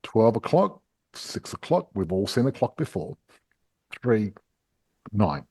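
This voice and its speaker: Podcast host, man, low husky voice, walks through a concept in casual talk. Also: big pitch swings, takes it slowly, warm tone. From Australia. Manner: chatty, explains step by step with a drawing. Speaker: property investment podcast host.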